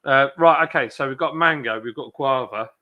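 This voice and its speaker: A man's voice: medium pitch, moderate pace, highs cut off. A middle-aged man hosting a casual live chat, joking and rambling in a self-mocking way. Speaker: live stream host.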